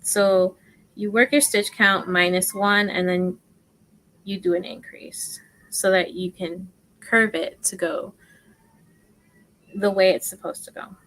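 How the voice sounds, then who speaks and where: A mid-range, fairly bright voice with fairly even intonation belongs to a woman running a casual crochet livestream, captured on a rough recording. She's slow, chatty and self-deprecating, regularly murmuring stitch counts to herself.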